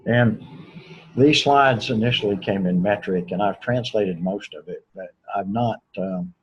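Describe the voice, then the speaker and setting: Deep husky man lecturing, lo-fi. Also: a little slow. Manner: relaxed, conversational, many fillers and restarts. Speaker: engineering lecturer. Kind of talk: recorded classroom lecture.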